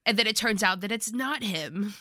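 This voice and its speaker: A woman's voice: mid-range voice, lively intonation, normal speed, bright, forceful tone, no echo. A woman co-hosting a podcast, chatting casually and teasingly about a book, laughing often and swearing. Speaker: podcast co-host.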